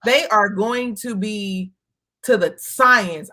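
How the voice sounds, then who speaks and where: Bright, emphatic woman from Chicago. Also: medium pitch, takes it slowly. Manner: candid, emphatic, swears casually. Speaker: co-host. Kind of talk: casual chat.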